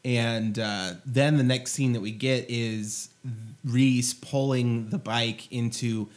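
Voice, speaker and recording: A man's voice: mid-range voice, steady tone, slow. Man casually recapping a movie plot. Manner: retells the plot with many fillers. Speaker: podcast co-host. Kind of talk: casual movie review chat.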